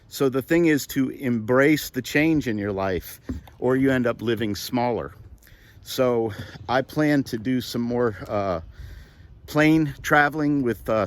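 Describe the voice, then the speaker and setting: An older man, a comedian, talking to camera in a halting, heartfelt way with many pauses and fillers. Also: mid-range voice, a bit bright. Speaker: comedian vlogger. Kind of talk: reflective personal talk to camera.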